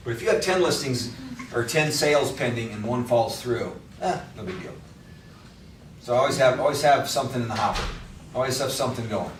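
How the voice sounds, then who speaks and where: A man's voice: mid-range voice, a little fast, slight background noise. Male trainer at a workshop, plain straight talk, heard from across a reverberant room. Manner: blunt, conversational, coaching. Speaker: real estate trainer. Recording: echoey room from far off.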